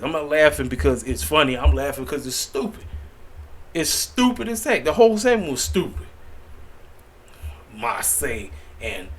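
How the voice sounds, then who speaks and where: A man's voice: medium pitch, a bit bright, breathy edge. A man giving a casual opinion rant as a wrestling vlogger, exasperated and repetitive, with slangy asides.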